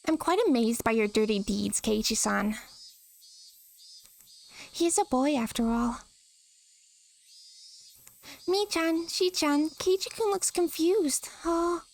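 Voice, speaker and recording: A woman's voice: high voice, expressive, takes it slowly, gravelly, pauses often, voice pushed up, full character voice. A woman voicing a sweet, cheerful teenage anime girl in a sing-song, sugary way. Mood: teasing.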